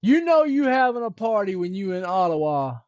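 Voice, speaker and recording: A man hosting a live stream, rambling and joking with his viewers. His voice sits a bit high for a man. He sounds close and dry, with no room sound around him. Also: very animated, moderate pace, a little mellow, no echo, lo-fi sound. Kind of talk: casual chat on a live stream.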